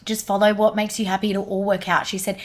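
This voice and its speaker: A woman's voice: medium pitch, quick pace. Young woman telling her story animatedly. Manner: animated retelling, quoting others in lively bursts. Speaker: energy healer guest. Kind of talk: podcast conversation, storytelling.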